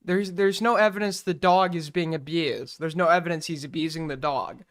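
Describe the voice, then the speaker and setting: A man's voice: a little high, moderate pace, fairly bright tone. A man hosting a stream, making incredulous, mocking asides about a call debate. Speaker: streamer host. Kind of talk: reacting to a live call debate.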